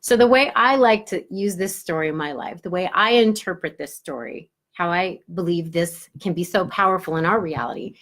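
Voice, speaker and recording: A woman's voice: on the low side, normal speed, few pauses, fairly bright tone. A woman spiritual teacher telling a story and sharing its lesson in a casual, conversational way. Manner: casual and conversational, with "he goes" and fillers. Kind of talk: inspirational storytelling talk.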